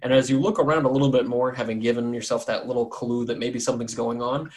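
A man's voice: medium pitch, steady tone, fast, a little mellow. Rambling male game master. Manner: loose, rambling, joking. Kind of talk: narrating a tabletop game.

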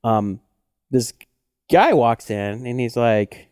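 A man co-hosting a podcast in casual chat, telling stories with lively acted-out quotes. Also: mid-range voice, slow, clean tone, no echo, studio quality. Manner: animated storyteller who acts out quotes. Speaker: podcast co-host.

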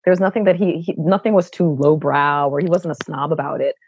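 A middle-aged woman from Brooklyn with a low contralto voice, telling her stories expressively as a guest in a conversational interview. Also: brisk, husky, muffled recording. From Brooklyn, New York. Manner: expressive, animated storyteller who acts out quoted voices. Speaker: guest, actor and educator.

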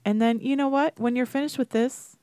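A woman's voice: sits high, fairly even intonation, a little fast, dark tone, smooth, no echo, studio quality. A woman co-hosting a podcast in casual, rambling chat full of fillers. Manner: chatty, rambling with many fillers. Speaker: podcast co-host.

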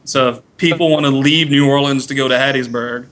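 A man who is a comedian guest on a podcast, joking in a deadpan, self-mocking way. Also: medium pitch, a little fast. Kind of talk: casual comedy podcast chat.

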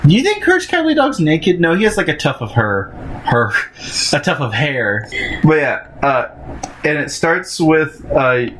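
A man's voice: on the high side, big pitch swings, moderate pace, fairly bright tone, a little hiss or hum. Rambling man recapping a cartoon. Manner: rambling, lots of fillers, laughs easily. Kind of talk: casual chat, episode recap.

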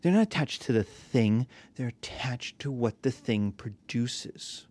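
A man's voice: mid-range voice, expressive, unhurried, a little mellow. A man teaching a class, talking casually with rhetorical questions and acted-out quotes. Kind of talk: classroom lecture.

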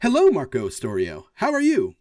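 A man voices an earnest, formal construct who takes his own poetry very seriously. The delivery is polite, literal and precise, pitched a bit above his usual voice, with a lively rise and fall. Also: fairly quick, no room sound, studio quality.

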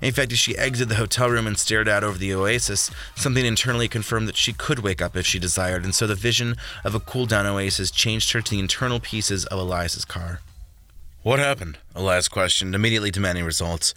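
A man narrating a storybook in a steady, even reading. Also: on the low side, fast talker, few pauses, slight background noise. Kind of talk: audiobook narration.

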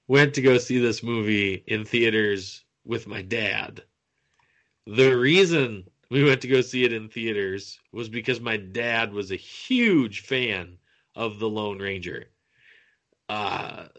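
A man co-hosting a casual movie-review chat, building up his point slowly and mockingly. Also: fairly low pitch, fairly bright tone. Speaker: podcast co-host.

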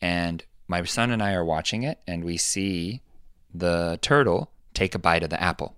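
A man hosting a podcast, talking things through in a relaxed, thoughtful way and acting out quoted lines with sudden pitch jumps. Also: normal speed, clear, resonant tone, dry recording, studio quality. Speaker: podcast host. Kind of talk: casual explanatory chat.

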